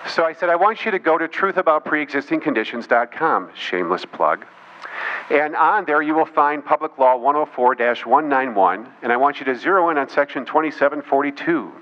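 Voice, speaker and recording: Brisk and lively in intonation, this mid-range male voice belongs to a political speaker addressing a crowd. His speech tells a story punctuated by derisive asides and voices he quotes. Sound quality is dull and lo-fi, with slight noise.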